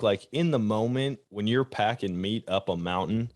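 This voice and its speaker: A man hosting a podcast, chatting in a relaxed way with short agreeing replies. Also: fairly low pitch, normal speed. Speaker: podcast host. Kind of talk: casual conversation.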